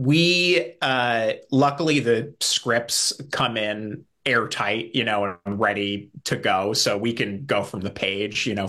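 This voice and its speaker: A man's voice: lowish voice, sharp tone. A man who acts on a comedy series, chatting in an interview in an upbeat way and laughing often. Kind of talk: casual interview chat.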